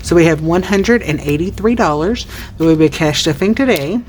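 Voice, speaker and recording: Low-voiced Southern woman counting cash. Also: lively intonation, moderate pace, a little mellow. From Tennessee, US. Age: 30s. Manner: chatty, counts money aloud. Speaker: budgeting YouTuber. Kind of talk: casual vlog chat while counting cash.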